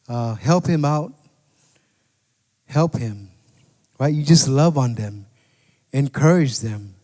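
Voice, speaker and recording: Pastor guy preaching, bit high voice, chatty "right?" style, echo of a big hall. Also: expressive, slow, pauses often, dark tone. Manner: conversational preaching with repeated "right?" and scripture quotes. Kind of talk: sermon. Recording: long hall reverb.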